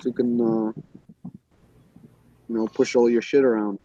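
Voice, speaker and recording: A man's voice: mid-range voice, little pitch movement, normal speed, warm tone, dry recording, muffled recording. A man in casual chat, teasing a friend with dry ribbing and stammered restarts.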